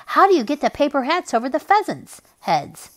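A curious, earnest young boy asks his father question after question, his voice raised and bright with eagerness, as a woman reading a storybook aloud plays him. His speech bounces lively up and down. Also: high-pitched, moderate pace, voice pushed up.

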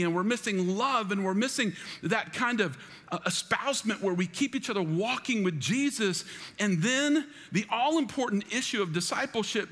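A man's voice: sits high, fairly bright tone. A man preaching a sermon as pastor, calling out for the congregation to repeat after him in a large church auditorium. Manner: preaching with call-and-response to the congregation. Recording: long hall reverb in a church.

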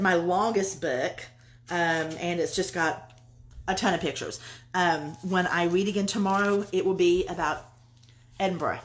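A woman's voice: mid-range voice, a little hiss or hum. A middle-aged woman with a Southern US accent, an author reading her own book aloud and then chatting with her live viewers in an effusive way, swearing freely.

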